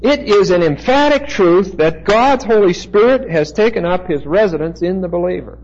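A man teaching a Bible passage as a preacher, slow and deliberate, pausing to spell out Greek words. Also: high voice, animated, a little mellow, muffled recording.

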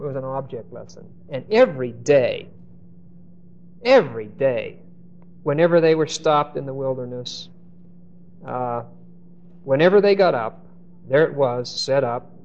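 A man's voice: medium pitch, darkish tone. Emphatic male Bible teacher, dull lo-fi recording. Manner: emphatic, slows and stresses key words; frequent hesitations and restarts. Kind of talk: Bible study lecture.

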